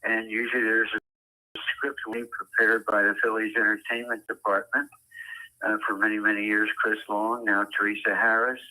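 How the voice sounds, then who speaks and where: Older man, very bright careful diction. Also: lowish voice, flat delivery, poor audio. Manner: careful, precise enunciation with many "uh" pauses. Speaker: ballpark public address announcer. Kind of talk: interview guest.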